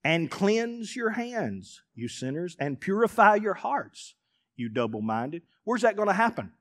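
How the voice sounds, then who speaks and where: A man, a pastor preaching a sermon to a congregation in a church, emphatic and building to shouts. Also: sits high, big pitch swings, measured pace. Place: church sanctuary before a congregation.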